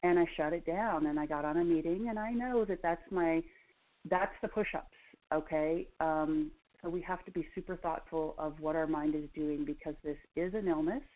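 A woman giving a personal recovery share at a call-in meeting, earnest and halting, with many pauses and ums. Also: low-pitched. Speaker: meeting participant sharing. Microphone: phone call-in. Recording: tinny phone line.

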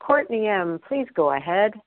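A woman chairing a meeting, calmly calling on speakers by name in turn. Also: mid-range voice, normal speed, dry recording. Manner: orderly, reads out names. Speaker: meeting leader. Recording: tinny phone line.

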